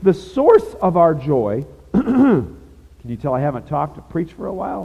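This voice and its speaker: A man's voice: fairly high pitch, big pitch swings, measured pace, creaky, dark tone, husky. A man preaching a sermon in a conversational, emphatic way, with casual asides to his listeners. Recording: dull lo-fi sound with long reverb.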